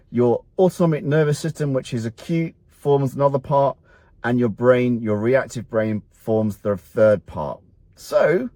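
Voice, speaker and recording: A man's voice: medium pitch, dark tone, no echo. A middle-aged man, a doctor giving a blunt, motivational health talk to camera that poses rhetorical questions and then answers them. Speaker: doctor at a men's health clinic.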